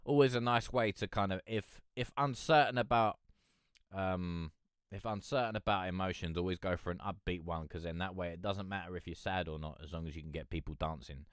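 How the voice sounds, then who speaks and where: A man's voice: deep voice, fairly quick, clean tone, no room sound, clean studio sound. A man from near London, chatting casually on a live stream as a music reviewer. He rambles, swears and keeps calling people "mate". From England, near London.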